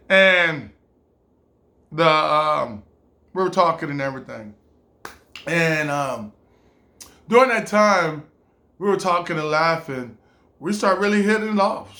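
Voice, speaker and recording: A man with a high voice tells a casual story from his own life. He rambles, restarts, stacks up fillers, and stops to act out what people said. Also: bright, forceful tone.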